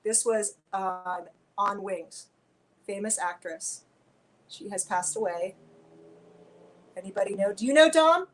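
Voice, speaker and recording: A woman guest on a video-call Q&A, chatting in a lively, rambling way. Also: mid-range voice, slow, long pauses, rough recording. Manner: chatty, animated, tangents.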